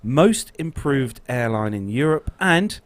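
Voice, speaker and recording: A man's voice: mid-range voice, sing-song, slow, dry recording. A man co-hosting a casual podcast, reading out news items and chat-room comments. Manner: reads out news items brightly. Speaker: podcast co-host.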